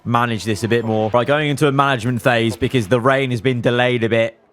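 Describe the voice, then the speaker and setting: A man commentating his own racing management game, cheering on his drivers and swinging between calm analysis and elated outbursts. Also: mid-range voice, quick pace. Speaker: gaming YouTuber.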